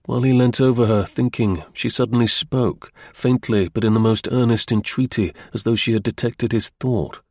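A man narrating an audiobook in a measured, unhurried reading. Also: medium pitch, steady tone, darkish tone, no echo, clean studio sound.

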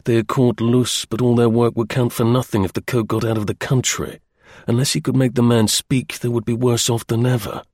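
A man narrating a story in a measured storytelling manner. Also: mid-range voice, little pitch movement, darkish tone, no room sound, clean studio sound. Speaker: audiobook narrator. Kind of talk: scripted narration.

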